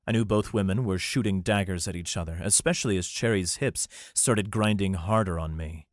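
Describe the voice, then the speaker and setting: A man narrating an adult fantasy audiobook in the first person with a low voice. He reads in a steady, even way. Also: fairly quick, no room sound, studio quality.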